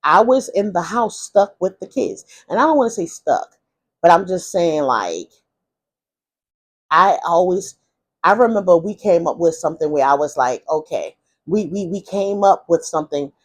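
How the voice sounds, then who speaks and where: Her voice is lowish, expressive, and husky, at a normal speed. The woman vlogger frankly confides her life story, rambling and restarting, with plenty of asides.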